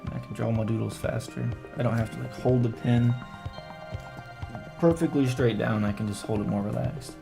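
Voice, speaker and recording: A man's voice: medium pitch, normal speed, creaky. A man streaming from his home setup, chatting casually and joking as he draws. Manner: rambling, jokey, self-talk. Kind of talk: casual chat while drawing. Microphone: microphone through audio interface. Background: music.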